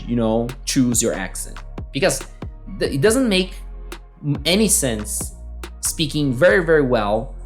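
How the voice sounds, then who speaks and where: Man teaching English casually. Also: mid-range voice. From Brazil. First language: Portuguese. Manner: conversational, checks in with frequent tag questions. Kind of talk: solo podcast lesson.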